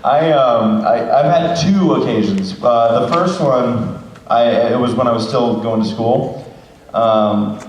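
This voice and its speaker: A man telling a halting story on a convention panel, full of fillers. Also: mid-range voice, a little mellow, a little hiss or hum. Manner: hesitant, many fillers. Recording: echoey hall from far off.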